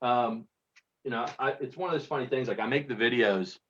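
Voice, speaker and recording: A man's voice: medium pitch, fairly quick. A man from Kentucky, a contest entrant being interviewed, chatting casually with rambling, self-deprecating stories over a video call. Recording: dull lo-fi sound.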